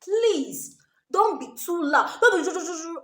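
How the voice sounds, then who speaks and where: A woman's voice: very high voice, expressive, slow pace, fairly bright tone, echoey room. A woman with a Nigerian accent giving emphatic advice to camera, repeating her warnings and tagging sentences with "oh" and "okay?". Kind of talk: casual advice talk to camera.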